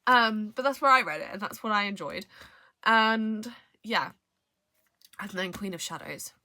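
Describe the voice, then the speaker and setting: In a casual book review chat, a young woman speaks at a measured pace in a mid-range voice that sounds pushed and bright. She rambles, frequently trailing off and starting her sentences over.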